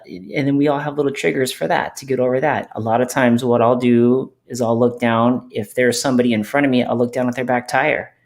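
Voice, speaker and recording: A man hosting a podcast, talking in a relaxed, rambling way with plenty of fillers. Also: mid-range voice. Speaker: podcast host. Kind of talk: casual podcast chat.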